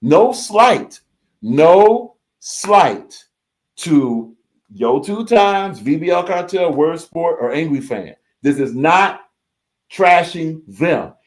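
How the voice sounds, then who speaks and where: A man hosting a casual live reaction stream, reading viewer comments aloud and repeating his phrases as he goes. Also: fairly high pitch. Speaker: livestream host reading chat.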